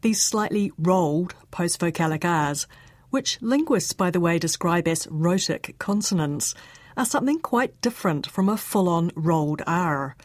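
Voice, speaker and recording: A woman with a New Zealand accent presents a radio science show, reading her script crisply and clearly. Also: fairly low pitch, expressive, a little slow, no room sound. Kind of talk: scripted radio narration and interview. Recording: dry studio sound.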